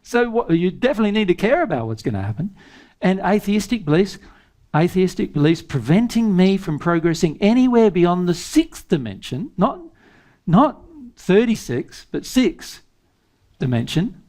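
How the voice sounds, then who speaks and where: A man with a somewhat high speaking voice leads a spiritual seminar. He talks emphatically, pressing his listeners with rhetorical questions and breaking into short chuckles. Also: big pitch swings, normal speed, darkish tone. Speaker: spiritual teacher. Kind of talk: seminar talk.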